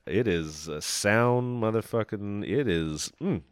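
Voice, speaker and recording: A man's voice: on the low side, animated, slow pace, clean tone. A man co-hosting a film podcast, chatting casually with enthusiasm and some swearing. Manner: enthusiastic, profane, rambling. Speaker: podcast co-host.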